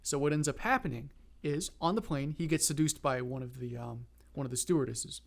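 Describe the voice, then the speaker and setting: A man hosting a podcast, telling a story casually with laughter and quick asides. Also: mid-range voice.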